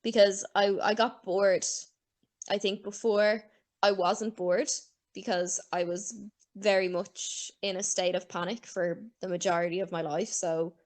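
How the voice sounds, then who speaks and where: Chatty Irish woman podcast host. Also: fairly low pitch. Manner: chatty, swears freely, laughs often. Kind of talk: casual chat.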